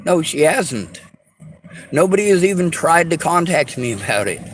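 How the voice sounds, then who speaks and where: High-voiced man ranting with bitter profanity. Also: big pitch swings, moderate pace, a little hiss or hum. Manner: bitter, profane, accusing, often shouting. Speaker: vlogger. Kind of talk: angry personal rant to camera.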